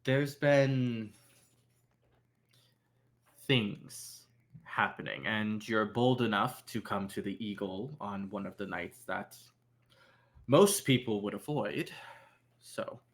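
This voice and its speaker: A man's voice: fairly low pitch, slow pace, long pauses. Man plays a sly woman club owner, teasing drawl, tabletop game. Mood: frank. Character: bold woman who owns a nightclub. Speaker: game master. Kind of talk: voicing a character in a tabletop game.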